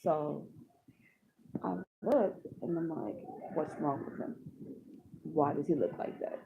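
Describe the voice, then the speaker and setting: A woman's voice: sits low, slow, vocal fry. A mother retelling a painful personal story with raw, tearful emotion, acting out her own words as she goes. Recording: tinny phone-like audio with background noise.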